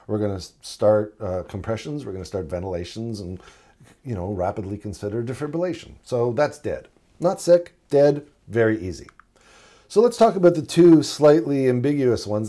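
Man, middle-aged, paramedic instructor, mellow warm tone, conversational teaching, acts out patient dialogue. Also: mid-range voice. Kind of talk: recorded teaching presentation.

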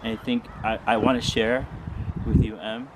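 A man's voice: fairly low pitch, level tone, moderate pace, heavy background noise. A man chatting outdoors in the snow in a jokey, mock-serious way, like an art critic. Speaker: vlog guest. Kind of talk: casual outdoor chat.

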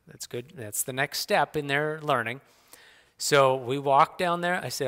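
Middle-aged man, church speaker, animated folksy anecdotes; clear bright voice, long hall reverb. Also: medium pitch, measured pace. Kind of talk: personal storytelling talk. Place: church sanctuary.

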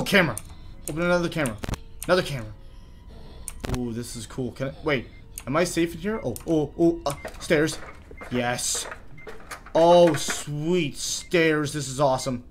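A man doing horror game commentary, jittery, chattering to himself and quick to panic. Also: a little high. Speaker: gaming YouTuber.

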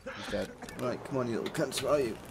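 A man chatting while gaming, sweary and excitable, on a headset mic. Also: medium pitch, fast, a crowd in the background. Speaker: gamer. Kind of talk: casual gaming chat. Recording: loud gunfire noise. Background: loud game gunfire.

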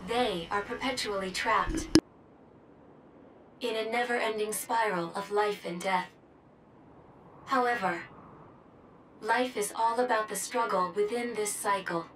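A woman voicing a calm female robot support pod in a video game, speaking in an even, formal, measured way. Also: mid-range voice, lightly acted. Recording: game audio with steady noise.

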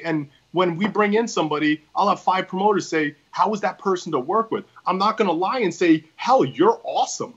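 Husky guy rambling on a podcast, lots of restarts, dull lo-fi audio. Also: sits high, a bit bright. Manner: rambling, emphatic, with many restarts. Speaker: wrestling promoter guest. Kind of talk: casual podcast chat.

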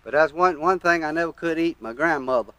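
A man's voice: fairly high pitch, brisk, bright, forceful tone, clean tone, dry recording. A man interviewing a blues singer, asking curious follow-up questions and trading stories.

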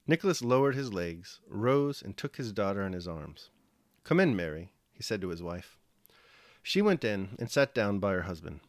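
A man with a fairly low voice reads a classic novel aloud in calm, measured narration. The recording is close and dry, with no room echo. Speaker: audiobook reader. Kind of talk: scripted literary narration.

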